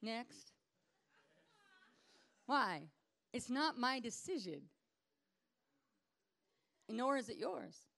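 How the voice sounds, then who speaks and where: A woman ministry leader giving an informal teaching sermon in a lively, conversational way, acting out the people she talks about. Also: on the high side, drawn-out words, gravelly, pauses often. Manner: lively conversational preaching, acts out quoted people.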